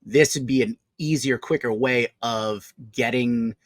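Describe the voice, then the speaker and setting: A man's voice: medium pitch, a little slow, no echo, low-quality recording. A man co-hosting a casual chat show, thinking aloud with many fillers and restarts. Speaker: co-host.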